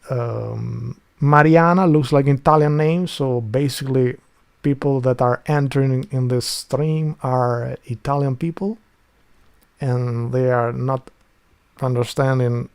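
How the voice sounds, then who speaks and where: Male streamer, Albanian accent, some vocal fry, loose profane rambling monologue. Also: mid-range voice. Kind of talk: casual livestream chat.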